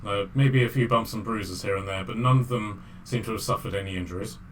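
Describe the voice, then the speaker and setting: Casual game master with faint noise. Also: male voice, lowish voice, brisk. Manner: casual, hesitant with many fillers. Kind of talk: narrating a tabletop game.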